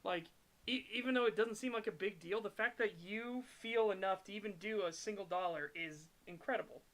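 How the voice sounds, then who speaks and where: A man co-hosting a casual podcast chat, animated and swearing, reading chat messages aloud. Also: high-pitched, brisk. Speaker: podcast co-host reading super chats.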